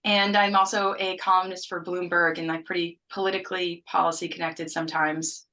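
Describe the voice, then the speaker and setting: Woman co-host, bright and forceful tone, chatty and casual, on a video call. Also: on the low side, flat delivery, fairly quick, low-quality recording. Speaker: webinar co-host, economist. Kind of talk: hosting a webinar panel.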